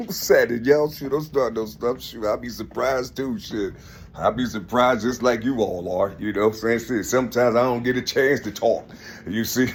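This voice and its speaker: A man's voice: mid-range voice, moderate pace, a little hiss or hum. A man talking in a rambling, casual monologue, laughing often and repeating "listen" and "you see" as he addresses an unseen listener.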